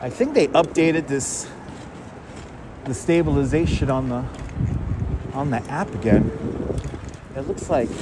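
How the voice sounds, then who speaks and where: A man's voice: medium pitch, expressive, measured pace, long pauses. A man live-streaming while riding a bike through city streets, chatting casually and greeting viewers by name on a clip-on wireless mic. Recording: wind and traffic noise outdoors.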